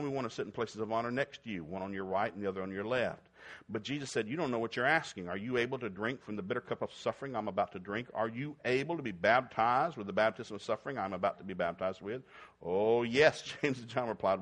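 A middle-aged man preaching a sermon, folksy and joking, swinging between loud whoops and quiet talk. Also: medium pitch, quick pace. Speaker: pastor.

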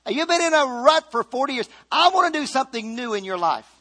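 A man preaching a sermon, animated, repeating phrases and acting out scripture quotes. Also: very high-pitched, quick pace. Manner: animated, shouts and repeats for emphasis; acts out scripture quotes in voices.

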